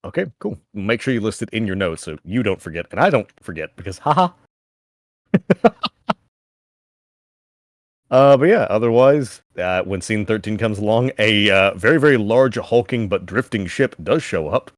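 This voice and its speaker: A man running a tabletop game as game master, casual and quick to laugh. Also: lowish voice, animated, no room sound, studio quality. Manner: casual, laughing, swears freely.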